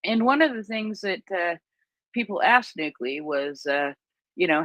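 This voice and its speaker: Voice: medium pitch, measured pace, a bit bright, dry recording, rough recording. Chatty co-host, dry close sound. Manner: conversational, retelling what others said, many fillers. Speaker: co-host of live audio chat. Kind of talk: casual live audio chat.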